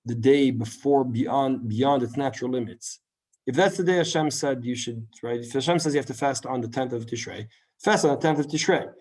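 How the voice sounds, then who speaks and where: A man teaching a Talmud class in a lively lecture style, full of rhetorical questions and quick asides. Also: medium pitch. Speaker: Torah teacher.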